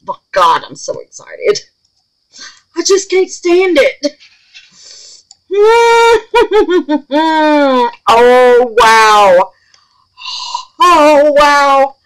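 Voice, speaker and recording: A woman chatting through a crafting vlog, gushing and excitable, calling her viewers babies and y'all, dropping from squeals to hushed murmurs. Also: sits high, rough recording. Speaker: resin crafter, channel host.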